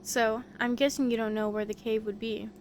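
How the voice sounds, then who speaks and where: Woman doing curious young sleuth, earnest questions, light higher voice. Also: flat delivery, normal speed, darkish tone, a little hiss or hum, lightly acted. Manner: earnest, inquisitive. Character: polite young investigator searching for someone. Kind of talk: voice-acting a visual novel.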